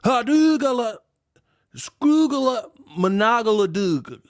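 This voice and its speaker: A man voicing a mumbling street guy who rattles off slurred nonsense syllables in a high voice. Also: lively intonation, measured pace. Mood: mocking. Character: mumbling Baltimore street guy, rapid gibberish slang.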